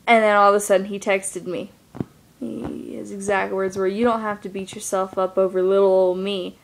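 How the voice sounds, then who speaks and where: A young woman speaks casually into her camera, rambling through a personal story. Her talk is loose and full of fillers, with a middling voice. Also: mid-range voice. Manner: rambling, lots of fillers like "like" and "you know". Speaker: vlogger.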